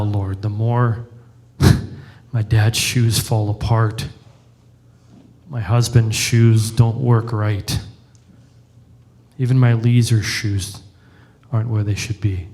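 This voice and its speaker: A man's voice: fairly low pitch, steady tone, takes it slowly, long pauses, darkish tone. Joking, conversational male pastor. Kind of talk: sermon.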